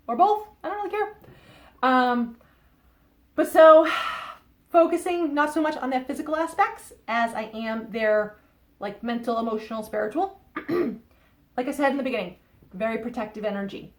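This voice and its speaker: A woman with a Boston accent giving a chatty, rambling tarot reading to camera, often checking in with "okay?". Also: a little high. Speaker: tarot reader.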